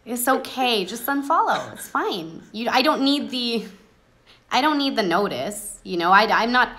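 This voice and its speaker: A woman's voice: fairly high pitch, animated, unhurried, a bit bright. A woman hosting a casual chat, talking with passion that she says people mistake for anger. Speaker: host.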